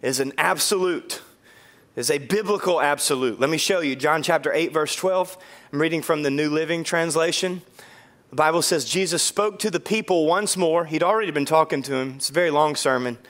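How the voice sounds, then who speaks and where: A man preaching a sermon as a pastor, joking with the congregation in quick asides and slowing down to stress key phrases. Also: on the high side. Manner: animated, joking, swings between quick asides and slow emphatic phrases.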